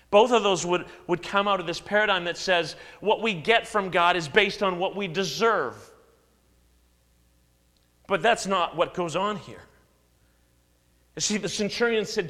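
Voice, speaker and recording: A man preaching a sermon, his delivery swinging widely in pitch and loudness as he acts out quotes. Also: normal speed, big-room sound. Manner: animated preaching with dramatic swings in pitch and volume, acted-out quotes. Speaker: pastor.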